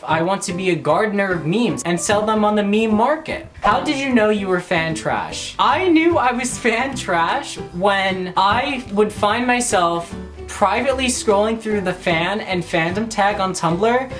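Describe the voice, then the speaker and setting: A woman answering fan questions in a casual vlog, rambling, jokey and excitable. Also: mid-range voice, unhurried, soft background music.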